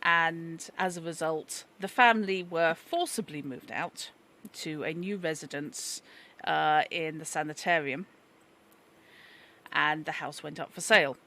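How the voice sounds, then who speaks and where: Bright-voiced woman game master. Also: deep voice. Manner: wry, joking, halting with fillers. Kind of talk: narrating a tabletop game.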